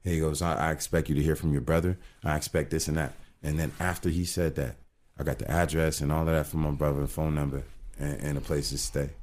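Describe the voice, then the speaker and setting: A middle-aged man with a very deep voice shares his faith story in a casual conversation. He talks earnestly, often restarting his sentences as he goes. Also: little pitch movement, a little fast, a little mellow. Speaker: guest telling his testimony.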